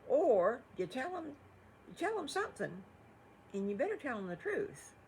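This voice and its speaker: A woman's voice: high voice, big pitch swings, moderate pace, darkish tone, a little hiss or hum, voice pushed up. An older woman voicing a sensible, teasing farmer's wife in a storybook, speaking plainly.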